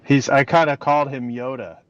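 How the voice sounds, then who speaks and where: A man with a mid-pitched voice speaks in a conversational interview, reflective and candid. He often trails off quietly at the end of thoughts. His audio sounds dull and lo-fi. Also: steady tone, fairly quick. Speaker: interview guest, bereaved father.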